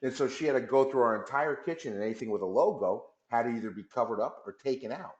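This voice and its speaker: A man's voice: mid-range voice, quick pace, echoey room, dull audio. A man guest on a talk radio interview, telling a story casually and acting out the back-and-forth dialogue. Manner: lively storyteller who acts out dialogue. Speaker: company executive guest.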